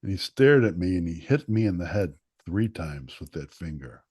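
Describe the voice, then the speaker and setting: Man, interview guest, animated storytelling, quotes acted out, occasional coughs. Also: low voice, moderate pace, husky. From Chicago area. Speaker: guest, former newspaper columnist. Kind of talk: storytelling in casual conversation.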